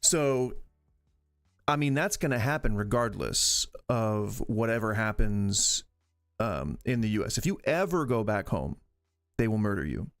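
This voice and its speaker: A man's voice: on the low side, lively intonation, a little slow, no room sound, clean studio sound, faint music behind. A man hosting a live stream, giving casual, opinionated reaction commentary and arguing his points in long, rambling stretches. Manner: opinionated, argumentative, rambles with restarts. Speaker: streamer host reacting to videos.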